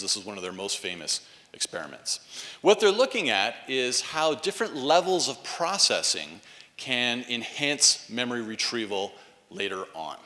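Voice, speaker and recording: Lively male lecturer with a bright voice, long hall echo. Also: mid-range voice. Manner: animated, frequent "right?" tags, coaxes audience responses. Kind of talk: university lecture.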